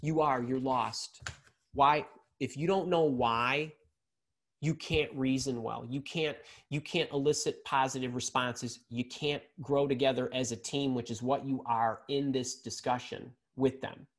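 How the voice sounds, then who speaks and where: An energetic male leadership coach teaching a live class. He keeps checking in with "right?", restarts words, and his voice leaps up and drops back down for emphasis, sitting at an ordinary middle pitch. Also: measured pace. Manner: energetic, peppers talk with "right?" and repeats words; swings pitch and loudness for emphasis. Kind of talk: live leadership lesson to an audience.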